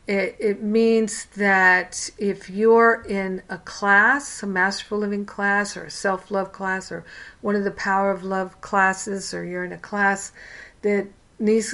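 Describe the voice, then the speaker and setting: A woman leads a spiritual counseling class at an unhurried pace, her voice sitting in an ordinary middle register. She talks frankly and casually, dropping into personal anecdotes to make her points. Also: mid-range voice, fairly bright tone. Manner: candid, storytelling, frank.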